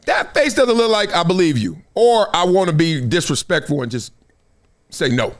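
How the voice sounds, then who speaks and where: A man's voice: on the high side, moderate pace. A man hosting a live sports talk show, telling stories with lots of laughter and acting out the people he quotes. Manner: animated storytelling, acts out quoted voices; laughs often between remarks. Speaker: show host.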